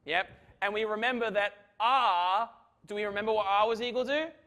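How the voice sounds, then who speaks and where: Bright high-voiced joking physics lecturer. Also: male voice, normal speed. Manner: chatty, joking, full of "right?" checks. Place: lecture hall.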